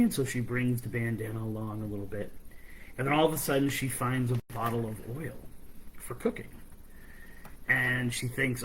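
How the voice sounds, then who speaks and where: A man's voice: medium pitch, moderate pace, slight background noise, poor audio. A man hosting a podcast, retelling a fairy tale in a chatty, conversational way. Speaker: podcast host, storyteller. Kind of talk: casual storytelling.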